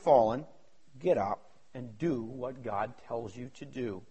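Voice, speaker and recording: A man preaching a sermon with great fervor, dropping to low mutters and rising to shouted exhortations as he acts out the voices in Bible stories. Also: a little slow, slightly rough. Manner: fervent, swings from low mutters to high shouts.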